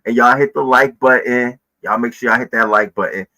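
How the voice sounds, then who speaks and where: A man's voice: mid-range voice, fairly quick, pushed and bright, poor audio. A man hosting a casual livestream news commentary, chatting loosely, greeting viewers by name and often repeating himself. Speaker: host of a live news commentary stream.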